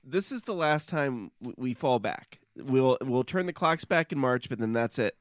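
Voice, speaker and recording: A man's voice: medium pitch, animated, dry recording. A man co-hosting a podcast in a basement studio, chatting casually, agreeing readily and laughing along. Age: adult, a parent. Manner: agreeable, quick to laugh and back up his co-host. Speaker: podcast co-host. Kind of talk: casual chat.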